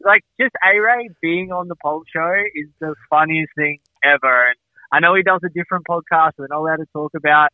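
Male podcast guest, slightly high voice, tinny phone line, rambling and amused. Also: a little fast, dry recording. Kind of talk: casual chat.

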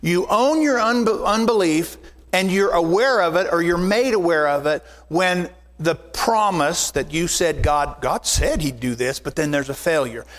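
Pastor, male, high voice, emphatic repeating sermon delivery, in a reverberant church hall. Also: measured pace. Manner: emphatic preaching with repeated phrases. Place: church sanctuary.

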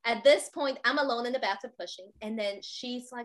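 Appearing as an interview guest, a high-voiced woman shares a personal story with lots of animation and expression. She keeps tagging lines with a quick "right?" to check in with her listener, and she slips into the voices of those she quotes.

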